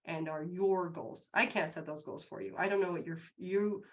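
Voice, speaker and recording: A woman's voice: fairly even intonation, moderate pace. Upbeat woman co-host. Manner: upbeat and encouraging, bursts high acting out quotes. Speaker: co-host of a live business show. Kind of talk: motivational talk to a live online audience.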